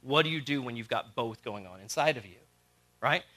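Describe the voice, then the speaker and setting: A man's voice: medium pitch, a little fast. A middle-aged man preaching a sermon, telling a story and acting out its quoted lines. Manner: animated, acts out quoted lines. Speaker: guest preacher.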